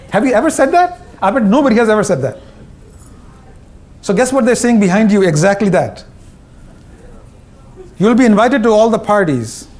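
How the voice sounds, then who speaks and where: A middle-aged man with an Indian English accent speaks from a conference stage, his voice sitting noticeably high for a man. His delivery is wry and punchy, and he slips into the voices of the people he describes. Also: a little mellow. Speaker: speaker, former CEO. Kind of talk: humorous conference talk.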